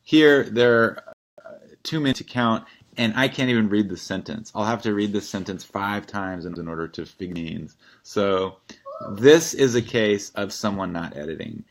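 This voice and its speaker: A man with a very low voice teaches in a relaxed, conversational way, walking through a student essay in a recorded lecture. He is wry and plainspoken and clears his throat now and then. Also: normal speed.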